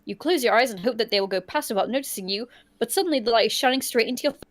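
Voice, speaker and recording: A woman hosting a livestream, reading a choose-your-own-adventure book aloud in an animated way and often laughing. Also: a little high, racing. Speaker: storyteller and host.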